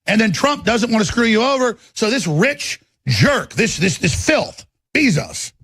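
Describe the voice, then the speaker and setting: Middle-aged male host with a raised, raspy voice, ranting furiously and repeating himself on a live broadcast. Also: high voice, expressive, a little slow, fairly bright tone, no room sound. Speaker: talk radio host. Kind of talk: angry political broadcast rant.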